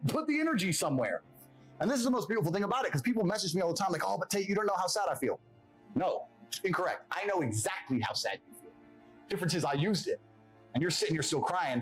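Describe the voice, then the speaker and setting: A man's voice: high voice, husky, rough recording. A man who grew up in England delivers a blunt, profane, self-assured motivational monologue as a podcast guest.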